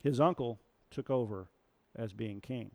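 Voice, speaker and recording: A man's voice: medium pitch, unhurried, creaky. A man preaching a sermon, telling a story and asking the audience questions.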